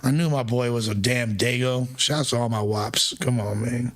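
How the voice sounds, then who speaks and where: A man hosting a casual live chat, talking in loose slang and jumping his pitch up for emphasis. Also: normal speed. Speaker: streamer host.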